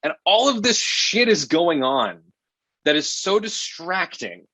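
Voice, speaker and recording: A man's voice: sits high, big pitch swings, takes it slowly, a bit bright, dry recording. A man reviewing a film in casual chat, rambling and profane, often exasperated.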